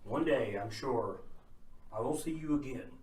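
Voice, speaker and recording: A man's voice: medium pitch, measured pace, a little mellow, lightly acted. A man voicing a solemn, grateful male dwarf king who speaks formally and with dignity, in a roomy space. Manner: formal, stately speech. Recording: roomy echo, distant mic, faint noise.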